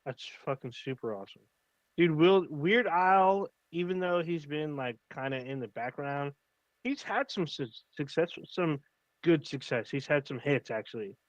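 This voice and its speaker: A man's voice: a little high, normal speed, no room sound, lo-fi sound. A man co-hosting a casual livestream chat, rambling and enthusiastic, swearing freely. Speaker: podcast co-host.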